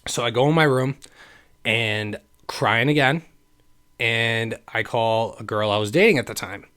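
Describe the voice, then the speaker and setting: Man, late twenties, podcast host, smooth clear voice, middle pitch, earnest rambling storytelling. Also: unhurried, fairly bright tone. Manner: earnest, rambling, addresses listeners directly. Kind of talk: personal storytelling monologue.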